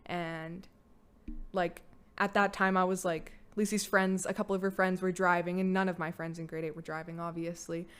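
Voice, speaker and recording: A woman's voice: on the low side, little pitch movement, moderate pace, a bit bright, smooth. A young woman telling her own story on a podcast, candid and casual, full of "like" fillers and blunt swearing. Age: young adult. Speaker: podcast guest, host's daughter.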